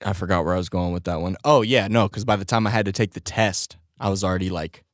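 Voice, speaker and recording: A man's voice: sits low, fast talker, no echo, clean studio sound. A young man hosting his own podcast, telling casual stories with lots of swearing and frequent laughter. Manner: laid-back, profane, laughs often while telling stories. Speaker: podcast host. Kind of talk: casual solo podcast storytelling.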